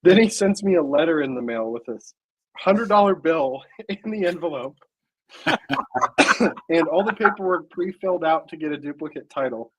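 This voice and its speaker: A man's voice: fairly high pitch, expressive, moderate pace, slightly rough, low-quality recording. A man in a casual chat, telling a wry, blunt anecdote.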